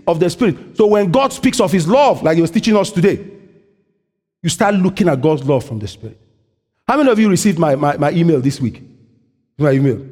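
A man preaching a sermon in an animated way, often asking the congregation a question and answering it himself, his voice a little husky. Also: a little high. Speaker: pastor. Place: church. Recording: long hall reverb.

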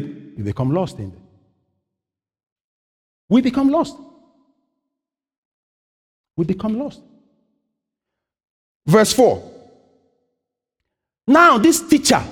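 A man preaching a sermon in an animated way, often asking the congregation a question and answering it himself, his voice a little husky. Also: sits high. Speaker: pastor. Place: church. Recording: long hall reverb.

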